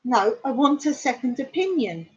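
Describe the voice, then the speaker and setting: A woman's voice: sits high, very animated, normal speed, darkish tone, slightly rough, full character voice. A woman voicing an indignant pet owner in a spoken joke, insistent and demanding, over a dull lo-fi recording. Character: indignant woman refusing her duck is dead.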